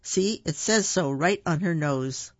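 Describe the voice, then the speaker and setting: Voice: mid-range voice, lively intonation, unhurried, slightly rough, dry recording. A storyteller voicing a blunt, insistent male cashier, in a dull lo-fi recording. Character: pushy grown man at the cash register.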